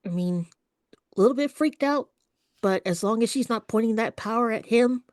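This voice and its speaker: A woman's voice: a little high, moderate pace, a little mellow, no echo, clean studio sound. A woman playing a tabletop game, describing what her character does in a hesitant, thinking-aloud way. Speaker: player. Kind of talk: tabletop role-play chat.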